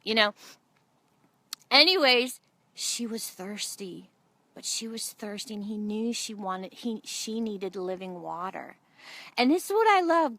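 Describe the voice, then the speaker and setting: A middle-aged woman preaching a sermon, telling funny stories and acting out the voices in them. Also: fairly high pitch. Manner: animated storytelling, acts out quotes.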